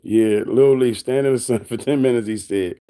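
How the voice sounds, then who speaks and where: A man with a voice of middling pitch chats casually on a livestream. He reads out viewers' comments and answers them with teasing and mockery. He breaks into laughter often. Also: moderate pace, warm tone, clear, resonant tone. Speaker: livestreamer reading chat.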